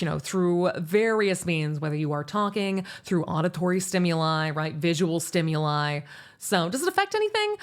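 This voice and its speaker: A young woman from the States hosts her livestream and chats casually with her viewers. She rambles, restarts her sentences and laughs often in a lively way. Her voice sits at an ordinary middle pitch. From United States. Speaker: VTuber streamer. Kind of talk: casual livestream chat, answering chat.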